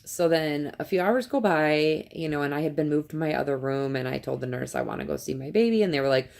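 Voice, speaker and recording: A woman's voice: low-pitched, fairly quick, gravelly, darkish tone. A mother in her thirties tells a personal story to camera in an earnest, emotional way and acts out the quotes. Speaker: vlogger, mother.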